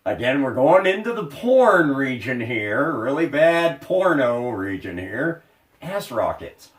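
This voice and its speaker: A man's voice: medium pitch, sing-song, takes it slowly. A man co-hosting a casual movie review podcast, blunt and sweary in his opinions. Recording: roomy, distant mic.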